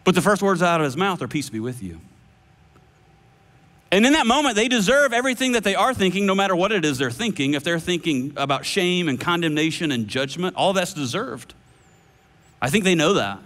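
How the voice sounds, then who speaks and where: A man preaching a sermon, animated and playful with shifting voices. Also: sits high, fairly quick. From United States. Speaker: pastor. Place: large church hall. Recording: long hall reverb.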